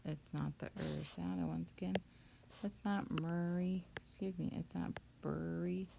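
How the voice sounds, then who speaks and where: A woman teacher leads a spelling lesson in a low, heavily gravelly voice. She explains each step patiently and very slowly. Steady background noise sits under the recording.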